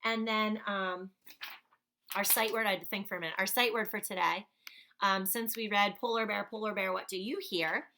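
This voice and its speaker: A woman's voice: medium pitch, fairly even intonation, normal speed, gravelly, pushed and bright, a little hiss or hum. A woman teacher giving a phonics lesson to young children, patiently sounding out words.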